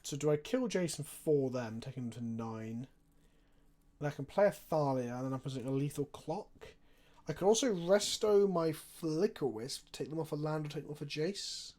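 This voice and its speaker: A man's voice: fairly high pitch, expressive, moderate pace, darkish tone. A young man chatting casually on a live stream, talking through his card game plays and answering viewer questions.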